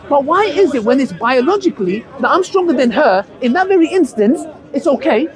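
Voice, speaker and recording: A man's voice: very high voice, sing-song, a little fast, few pauses, low-quality recording. A man in a heated street debate, talking passionately and circling back to his point with many restarts. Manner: passionate, repetitive, restarts often. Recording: crowd noise outdoors.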